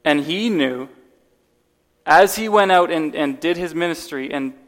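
A man's voice: on the high side, measured pace. A man preaching a sermon, telling a personal story earnestly and often restarting his words. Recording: long reverb of a large hall.

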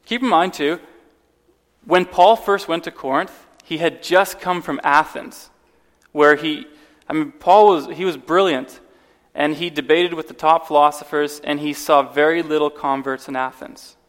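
A man's voice: a little high, measured pace. A man preaching a sermon, telling a personal story earnestly and often restarting his words. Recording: long reverb of a large hall.

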